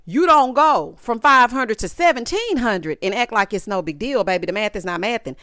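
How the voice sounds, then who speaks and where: Sassy woman dishing on reality tv, smooth clear voice, dry close sound. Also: medium pitch, lively intonation, moderate pace, hardly any pauses, sharp tone, dry recording. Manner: sassy, exasperated, quotes people in voices. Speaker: reality TV recap host. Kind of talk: casual commentary recap.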